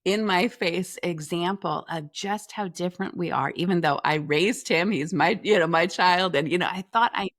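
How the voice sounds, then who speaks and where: A woman guest on an interview show, telling a personal story in a lively way and acting out the dialogue. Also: fairly low pitch, moderate pace, hardly any pauses, no room sound, studio quality. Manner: talks through restarts and filler phrases. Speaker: podcast guest, leadership coach.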